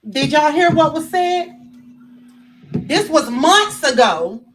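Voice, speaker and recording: A woman's voice: sits high, lively intonation, takes it slowly, slight background noise. Emphatic woman host calling to chat. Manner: emphatic, repeats questions to chat. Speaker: livestream host. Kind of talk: casual livestream talk. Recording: distant from the mic.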